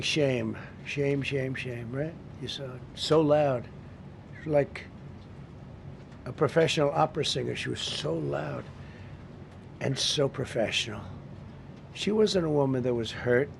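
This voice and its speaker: Gravelly older man speaking bluntly. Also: fairly high pitch, a little mellow, slight background noise. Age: 70s. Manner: blunt, repetitive, rambling asides. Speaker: speaker at a press briefing. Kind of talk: off-the-cuff press briefing remarks. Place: government briefing room.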